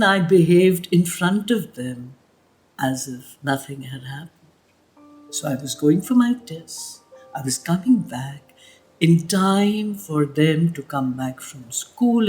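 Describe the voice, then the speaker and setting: A woman with an Indian English accent tells her own story for a podcast. She speaks slowly, lingering over words with long dramatic pauses. Her delivery is emphatic and heartfelt, and soft music plays faintly underneath. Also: low-pitched. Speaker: podcast host.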